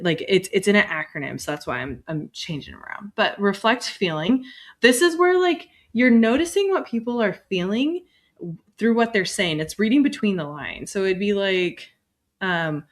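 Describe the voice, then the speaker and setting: A woman therapist and mother explaining communication skills in a relaxed, chatty podcast conversation. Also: mid-range voice. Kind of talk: casual podcast chat.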